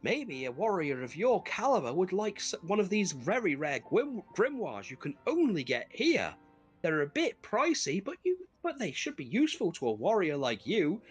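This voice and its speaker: A man voicing a sweetly scheming female rabbit shopkeeper who flatters customers into buying overpriced goods. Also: moderate pace, breathy edge, soft background music, full character voice. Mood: sugary, flattering. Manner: syrupy, flattering sales pitch.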